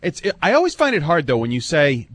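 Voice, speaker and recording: A man's voice: on the high side, quick pace. A man co-hosting a sports radio show, breaking down the game with a joking edge. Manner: joking, animated analyst. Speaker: radio co-host. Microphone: studio microphone.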